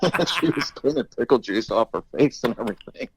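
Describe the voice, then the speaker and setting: In a husky, mid-range voice, the older man who is the host's father talks animatedly and fairly fast, rambling through casual stories while laughing often and swearing freely. The recording quality is low.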